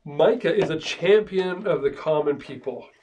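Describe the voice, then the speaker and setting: Speaking at a moderate pace, a pastor with a somewhat high, darkish voice leads a casual Bible survey class while distant from the mic, with slight background noise. He keeps checking in with "right?" and backing up to restart.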